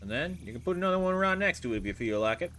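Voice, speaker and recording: A man's voice: fairly high pitch, big pitch swings, rapid-fire, very noisy, pitched above the performer's own voice. A man putting on a drawling folksy twang. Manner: rambling, crude, chatty drawl. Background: game music.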